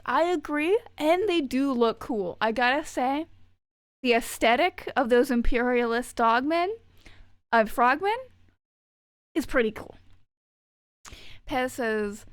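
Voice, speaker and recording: A woman streamer reads out chat messages and riffs on them, sarcastic, swearing freely and laughing often. Her voice is a bit high and sounds close and dry, with no room around it. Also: lively intonation, clear, resonant tone, dry recording. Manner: sarcastic, profane, quick to laugh. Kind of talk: casual chat with viewers.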